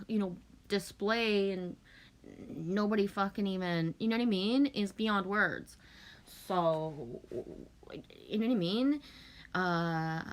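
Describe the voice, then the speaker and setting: A woman's voice: medium pitch, a bit bright. A woman hosting a casual livestream, rambling and emphatic as she vents to her viewers, swearing often. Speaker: livestream host. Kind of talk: casual venting to chat.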